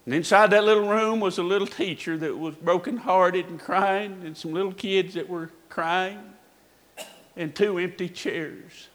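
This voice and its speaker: A man preaching a sermon, telling a story dramatically, his voice swinging from hushed to shouting. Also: high-pitched, unhurried. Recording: echoey hall reverb.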